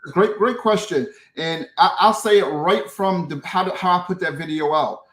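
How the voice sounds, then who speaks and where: Man with a high voice explaining in an interview, restarts often, sounds recorded in an echoey room. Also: normal speed, a bit bright. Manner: explanatory, frequent restarts and "right?" tags. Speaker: guest, social media creator. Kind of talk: interview answers. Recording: roomy echo.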